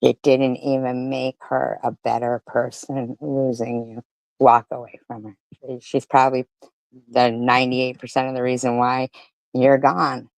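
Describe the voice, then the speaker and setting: A woman's voice: little pitch movement, unhurried, creaky, no echo. Woman ranting furiously, dry close voice. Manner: swings between shouting and low mutters. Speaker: commentary streamer. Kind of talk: angry live-stream commentary.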